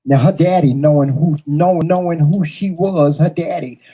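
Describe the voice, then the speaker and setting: A man hosting a morning show, telling a story in an animated, profane way and repeating lines for effect. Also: fairly high pitch, moderate pace, slightly rough, poor audio.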